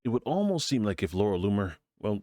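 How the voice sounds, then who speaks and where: A man hosting an opinion commentary, talking over clips in a brisk, wry, editorializing way. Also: fairly low pitch, very animated, over loud music. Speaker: commentary host.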